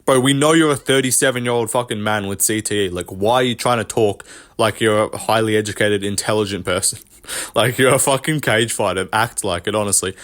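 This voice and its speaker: A man's voice: on the low side, fairly quick, fairly bright tone. Profane, rambling male vlogger. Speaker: MMA commentary vlogger. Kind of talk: casual commentary rant.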